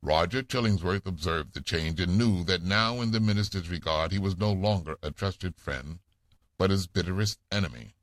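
Man reading a book summary, deep voice, dry close mic. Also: normal speed, no room sound. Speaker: narrator. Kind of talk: audiobook story summary narration.

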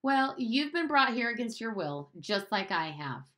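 A woman's voice: a little high, sing-song, a little slow, bright, forceful tone, pitched above the performer's own voice, full character voice. A woman voicing an indignant nine-year-old boy who whines and insists on answers. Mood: pleading. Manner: whiny, insistent questioning.

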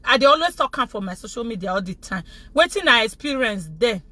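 A middle-aged Nigerian woman speaking Pidgin-tinged English, hosting a casual live chat with her viewers in an animated, repetitive way. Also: a little high, brisk, no echo. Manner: animated, repetitive, laughing often. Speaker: vlogger, show host.

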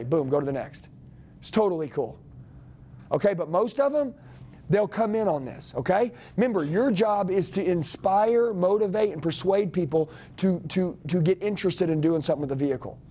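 A man leading a live sales training, forceful and commanding, repeating key lines for emphasis to a group in a training room. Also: high-pitched, expressive, brisk, husky.

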